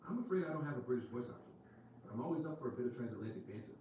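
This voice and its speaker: A man's voice: medium pitch, animated, very fast, dark tone, recorded from a distance, slight background noise. A male text-to-speech assistant voice giving polite, upbeat replies. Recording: echoey smart speaker heard from across the room.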